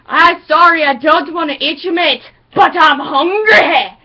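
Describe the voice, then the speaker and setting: A woman's voice: very high voice, measured pace, pushed and bright, exaggerated voice, rough recording. Woman doing a dopey cartoon shark. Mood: whiny. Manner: mock-dumb, sing-song. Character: dopey male cartoon shark, hungry and clueless.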